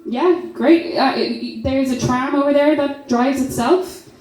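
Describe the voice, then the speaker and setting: A young Irish woman does stand-up with a brash, sweary delivery and keeps laughing at her own jokes. Her voice sits fairly high with a soft, mellow tone. It is picked up from some distance in a roomy, echoing comedy club. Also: a little slow. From Ireland. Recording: roomy club sound from far off.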